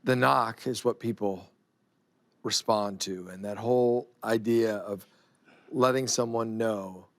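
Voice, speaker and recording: A male interviewer in a studio, asking slow, measured questions with hesitations. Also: lowish voice, steady tone, a bit bright, no echo.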